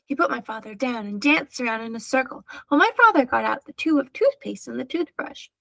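A woman reading a children's chapter book aloud with clear, steady storytelling. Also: on the high side, fairly quick, dry recording. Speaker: storybook reader.

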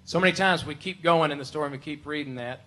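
A worship pastor preaching a conversational, emphatic sermon full of rhetorical questions. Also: male voice, a little high, quick pace. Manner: emphatic, shifts to loud pleading when voicing Martha.

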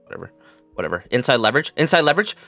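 A young man giving live commentary on his own football video game, muttering plays, then yelling and gloating in a sing-song voice. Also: mid-range voice, very fast, creaky, music in the background. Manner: excitable, swings from mutters to yelling. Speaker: gaming commentator.

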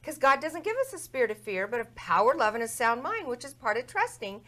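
A woman's voice: a little high, very animated, fairly quick, a bit bright. A middle-aged woman on a Christian talk show, earnestly telling her own story of faith and quoting scripture. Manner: earnest testimony, quotes scripture and prayers.

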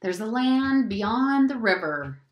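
A woman voicing a male church song leader who calls out hymn lines slowly and carefully. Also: a little high, animated, dull audio. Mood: measured. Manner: slow, careful, chanting lines. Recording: roomy echo.

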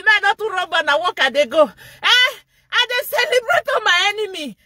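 High, bright, laughing Nigerian woman. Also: lively intonation, fairly quick, dry recording. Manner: mocking, laughs loudly and often. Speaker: vlogger and show host. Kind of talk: gossip commentary vlog.

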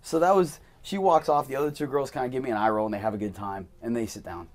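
A young man hosting a casual podcast interview, telling animated stories and acting out quoted voices. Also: medium pitch, quick pace. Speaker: podcast host and male dancer.

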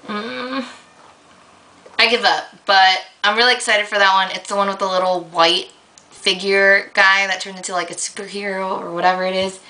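Young woman ranting into her camera, bright clear voice, lots of um and like, gets all worked up. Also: medium pitch, moderate pace, a little hiss or hum, low-quality recording. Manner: rambling, filler-heavy, excitable storytelling. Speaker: vlogger. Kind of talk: casual rant to camera.

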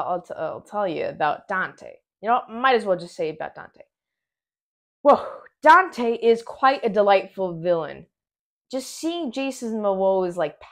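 Woman, casual film reviewer, excitable, rambling, mid-pitched voice, keeps restarting her sentences.

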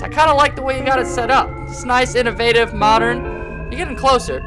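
A young man giving let's-play commentary on a horror game, joking and excitable as he talks to himself while playing. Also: extremely high pitch, fairly quick, over music. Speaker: gaming YouTuber.

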